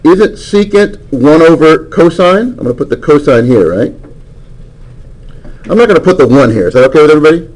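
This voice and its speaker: A man's voice: fairly high pitch, expressive, fairly quick, darkish tone, low-quality recording. A man teaching a math class, lecturing and coaxing answers from students with frequent questions.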